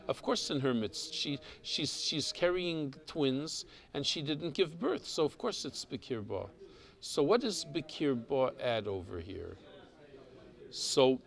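Slow, gravelly man teaching a Torah class. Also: medium pitch. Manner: explains Hebrew text, mixes Hebrew and English terms; halting, repeats words while thinking.

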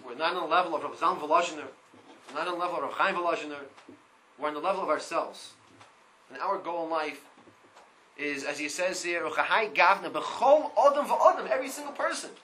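Male Torah teacher, high and forceful, reads Hebrew lines and translates each one, lively, repeats himself, faint background hiss. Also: low-quality recording. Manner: animated, repeats words. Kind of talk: Torah class.

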